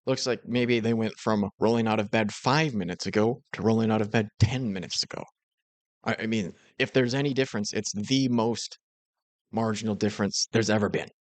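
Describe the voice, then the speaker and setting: A man's voice: on the low side, fairly quick, no echo. A man giving dry, critical and sarcastic commentary over reaction clips. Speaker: commentary host.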